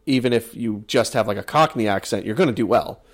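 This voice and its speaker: An American man with a fairly low voice co-hosts a podcast, talking fairly quickly in a casual chat that ranks accents. He rambles, using lots of fillers and restarts.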